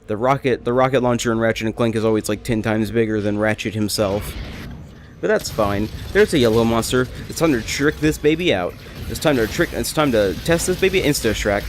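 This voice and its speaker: A man's voice: mid-range voice, a little hiss or hum. A young man rambling and joking through casual gameplay commentary, often correcting himself mid-sentence. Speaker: let's play gamer.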